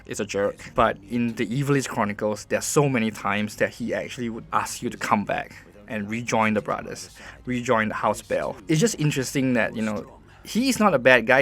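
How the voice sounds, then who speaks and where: A man's voice: medium pitch, fairly bright tone. A man voicing a game review as host, earnest and conversational, often restarting his sentences.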